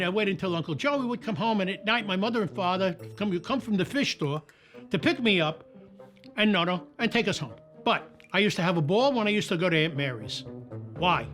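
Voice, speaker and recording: High-voiced old New storyteller. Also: male voice. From New York. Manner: animated anecdotal storytelling. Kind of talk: documentary interview.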